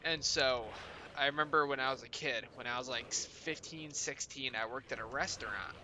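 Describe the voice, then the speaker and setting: A man's voice: mid-range voice, moderate pace, pushed and bright, a little hiss or hum. A man chatting casually with his viewers as a streamer, rambling with lots of swearing and fillers.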